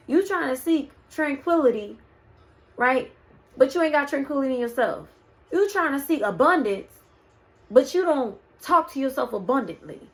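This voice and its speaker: A woman's voice: sits high, fairly bright tone. A woman doing a casual spiritual card reading, preaching to her viewers and calling them "y'all" and "baby". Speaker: spiritual reader.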